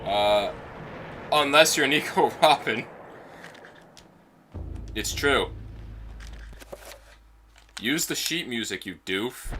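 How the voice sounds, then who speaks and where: Slow, bright-voiced joking gamer. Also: male voice, mid-range voice, expressive, slight background noise. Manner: wry, joking, talks to himself. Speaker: let's-play streamer. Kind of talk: casual gameplay commentary.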